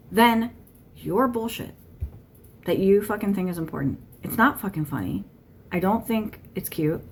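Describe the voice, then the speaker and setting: A woman's voice: mid-range voice, slight background noise. A woman giving a channeled monologue to camera, blunt and irritated, swearing constantly. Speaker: tarot channeler.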